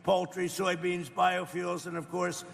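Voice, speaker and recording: A man's voice: high voice, completely flat delivery, unhurried, gravelly. An older man giving a rambling, boastful off-the-cuff speech at a live event, often asking the crowd questions. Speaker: political speaker. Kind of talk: off-the-cuff campaign-style speech. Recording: reverberant hall with faint background ambience.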